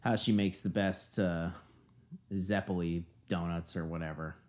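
A man's voice: deep voice, fairly even intonation, a little slow, darkish tone. A man in his late twenties, a pastor, chatting in an easygoing way on a podcast. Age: late 20s. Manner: easygoing, laughs along. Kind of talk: casual chat.

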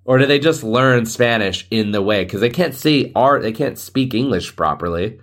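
A man's voice: mid-range voice, expressive, moderate pace, a bit bright. A man hosting a casual solo podcast, rambling and joking, often laughing at himself. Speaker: podcast host.

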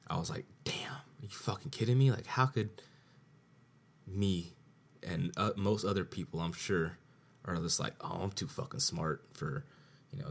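A tipsy man hosting his own podcast, rambling in a profane solo rant that keeps repeating itself. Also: sits low. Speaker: podcast host.

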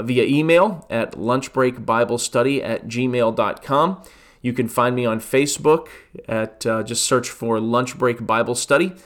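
A man, a pastor, teaching a Bible study podcast in a conversational way, full of rhetorical questions and restarts. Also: medium pitch.

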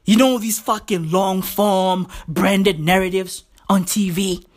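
A woman's voice: medium pitch, fairly even intonation, slow pace. A woman, hosting her show with a profane, emphatic, repetitive comedic rant. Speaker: podcast host.

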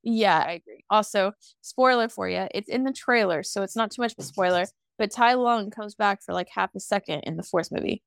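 A woman in her twenties chatting casually as a podcast co-host, recapping a film with sass, swearing freely and acting out lines in quick voices. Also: medium pitch, gravelly, dry recording, studio quality. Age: 20s. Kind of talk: casual movie recap chat.

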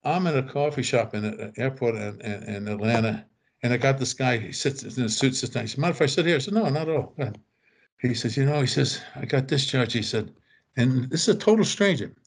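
Older man telling animated stories. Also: mid-range voice, brisk, husky. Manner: animated, acts out quoted voices. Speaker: storyteller guest. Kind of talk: casual anecdote telling.

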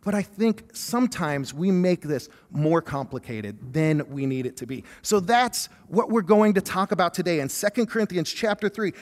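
A youth pastor in his thirties, preaching with lively, self-deprecating stories and humor. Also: sits high, big-room sound. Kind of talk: sermon with personal stories.

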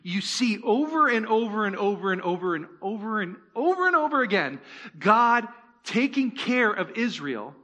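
A male pastor delivering a sermon in a church, his voice pitched high and bright. He keeps it conversational, firing rhetorical questions at the congregation and tossing in playful asides.

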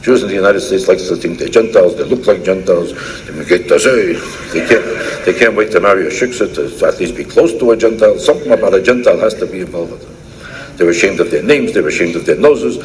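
A man's voice: low voice, expressive, fast, slight background noise. A male comedian delivering an archival monologue with emphatic, mocking punch lines.

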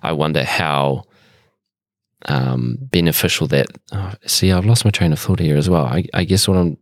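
Very deep-voiced male host, dry close sound. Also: moderate pace, no echo. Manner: rambling, searching for words, casual swearing. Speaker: podcast host. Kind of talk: casual podcast chat. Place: indoor room with a painting on the wall.

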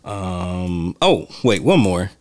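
In a dry, clean studio recording, a podcast co-host talks about a movie at an extremely slow pace. His low, slightly mellow voice is very animated, and he stays laid-back, laughs often, and acts out quotes.

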